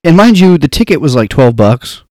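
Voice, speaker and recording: A young man chatting casually with friends, telling an animated story and acting out the quotes. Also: fairly high pitch, moderate pace, dry recording, clean studio sound. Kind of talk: casual chat.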